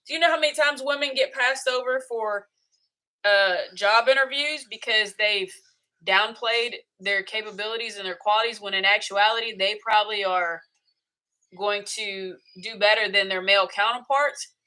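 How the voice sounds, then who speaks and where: Woman, middle-aged, talk host; bright tone, emphatic and conversational. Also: medium pitch, moderate pace, poor audio. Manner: chatty, emphatic, acts out her inner voice. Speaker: podcast host. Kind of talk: casual talk to camera.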